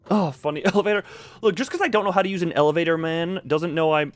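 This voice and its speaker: A man's voice: a little high, fairly quick, a little hiss or hum. A man streaming a video game, chatting loosely with his viewers, restarting his sentences and laughing often. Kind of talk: casual live-stream chat while playing.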